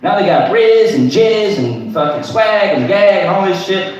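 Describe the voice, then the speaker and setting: A man's voice: high voice, expressive, unhurried, darkish tone, lo-fi sound, slight background noise. Man doing rambling crude stand-up. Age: 30s. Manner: crude, rambling, tags lines with "right?". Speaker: stand-up comedian. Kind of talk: open mic stand-up. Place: comedy club stage. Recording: echoey room from far off.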